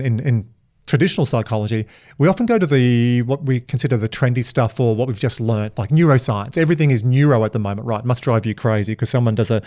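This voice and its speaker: A man's voice: mid-range voice, warm tone. A man hosting a podcast, chatting casually and telling stories with enthusiasm. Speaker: podcast host.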